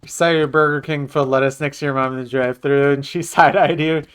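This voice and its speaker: Male game streamer, playful and chatty, clear tone. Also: a little high, steady tone, brisk, a bit bright. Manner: joking, chatting with viewers. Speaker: livestreamer. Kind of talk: casual gaming livestream chat.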